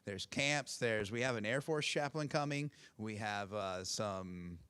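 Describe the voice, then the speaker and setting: A man's voice: lowish voice, a little slow, a bit bright, smooth. A middle-aged man with a cold, giving casual, upbeat announcements at a university chapel. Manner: upbeat, chatty, with fillers and repeated pleas. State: has a cold.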